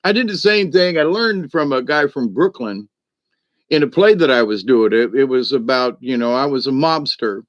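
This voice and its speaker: A man's voice: mid-range voice, moderate pace, no echo, lo-fi sound. A man from South Georgia, hosting a live stream and telling rambling stories to his chat. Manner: rambling and chatty, full of "you know" and "but anyway". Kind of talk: casual storytelling to a live chat.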